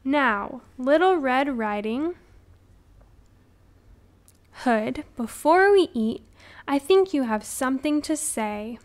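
A kindly, firm old grandmother who gives brisk orders, as a woman reads her. The voice is slow and sits a little high. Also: animated. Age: older.

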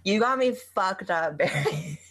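Laid-back woman with a creaky voice. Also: mid-range voice, measured pace. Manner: relaxed, laid-back, filler-heavy talk. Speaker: interview guest, YouTuber. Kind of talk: casual interview chat.

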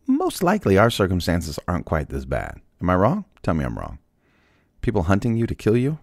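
A man hosting a devotional Bible podcast, talking in a chatty way and firing rhetorical questions at listeners. His voice is extremely deep, with a gravelly, husky fry. The sound is dry and close, with no room in it. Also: huge pitch swings, a little fast, no room sound. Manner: conversational, rhetorical questions, restarts. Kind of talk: devotional talk and prayer.

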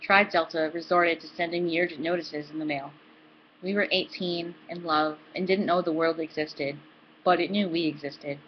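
A woman hosting a book club, reading a novel aloud in a steady, dry manner. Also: deep voice, normal speed, muffled recording, a little hiss or hum.

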